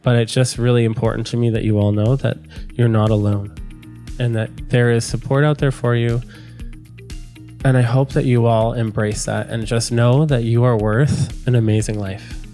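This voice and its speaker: A man's voice: mid-range voice, level tone, normal speed, warm tone, faint music behind. A man hosting a solo podcast, his voice nasal from a cold, speaking earnestly and pleading with listeners. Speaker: podcast host.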